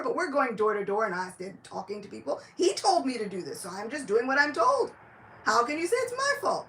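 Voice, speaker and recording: A woman's voice: mid-range voice, fairly quick, gravelly. A woman giving a devotional lecture, telling a story and acting out each character's lines in quoted voices. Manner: animated, acts out dialogue in quoted voices.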